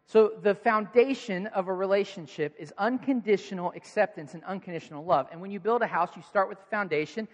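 A man's voice: sits high, fairly quick, hardly any pauses, lo-fi sound. A man preaching a conversational, earnest sermon as a pastor to a church congregation. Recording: reverberant hall.

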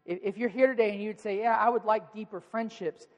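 A man with a high voice preaches a sermon from the pulpit. He climbs louder to hammer his points, then drops to soft, quiet questions. His voice rings with a long hall reverb. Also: steady tone, a little fast. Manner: rises in pitch and volume for emphasis, drops to quiet asides. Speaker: pastor.

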